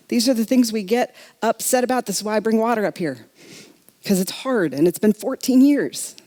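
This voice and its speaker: A woman's voice: mid-range voice, animated, normal speed, warm tone. A middle-aged woman minister preaching a sermon in a reflective, conversational way, speaking directly to her congregation. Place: church sanctuary.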